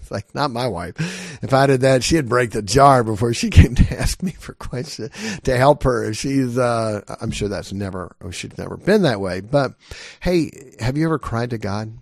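A man's voice: mid-range voice, moderate pace, vocal fry, no room sound, studio quality. A middle-aged man preaching a sermon as a pastor, earnest and emphatic, pressing his listeners with repeated questions.

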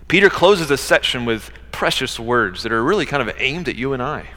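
A man's voice: mid-range voice, expressive, a little fast, pushed and bright, big-room sound. A middle-aged male pastor preaching a sermon, with rising emphasis and rhetorical questions.

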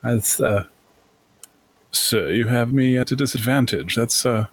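A man's voice: medium pitch, a little slow, husky, no echo, voice pushed up, low-quality recording. A man voicing a genteel male curiosities merchant who speaks with formal, florid politeness.

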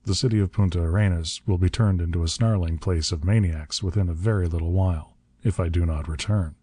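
A frail old ruler speaks with mild, benign calm that hides cold menace, as a man reads him in an audiobook. The voice sits very low and dark. The sound is close and dry. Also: a little fast, husky, no room sound. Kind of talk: audiobook narration.

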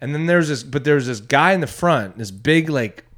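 A young man, a stand-up comedian, telling a story in casual chat, rambling with restarts and bursting into loud voices for other people. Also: medium pitch, animated, moderate pace. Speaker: stand-up comedian, podcast co-host.

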